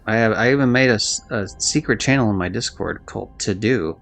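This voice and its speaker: A man's voice: lowish voice, fairly quick, gravelly, fairly bright tone, faint music behind. A man streaming a video game live, chatting loosely and rambling, swearing now and then. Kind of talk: casual live-stream chat while gaming.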